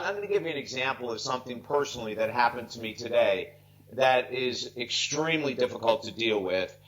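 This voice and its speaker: A man's voice: mid-range voice, a bit bright, rough recording. A man in his sixties, a life coach, telling stories earnestly and emotionally, near tears, on a video call. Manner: earnest, heartfelt, emphatic. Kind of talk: earnest storytelling interview.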